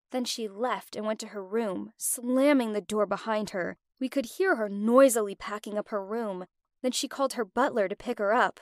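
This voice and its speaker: A young woman telling a first-person story in an expressive, emotional way. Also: a little high, a little slow, no room sound, studio quality. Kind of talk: first-person scripted narration.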